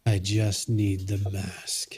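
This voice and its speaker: A man playing a weakened sorcerer stuck in dragon form, terse and strained. His voice is low, husky and flat, and he speaks slowly.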